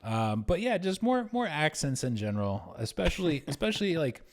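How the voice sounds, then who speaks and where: A man's voice: on the high side, sing-song, fairly quick. A man from California co-hosting a podcast in casual chat, hesitant and thoughtful, often restarting his sentences. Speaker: podcast co-host.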